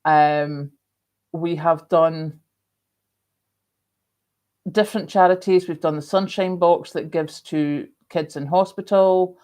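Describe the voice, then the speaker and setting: A woman's voice: deep voice, steady tone, takes it slowly, pauses often, darkish tone. A woman hosting a casual live stream, chatting rambly and reading out viewer comments with lots of ums. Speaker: livestream host.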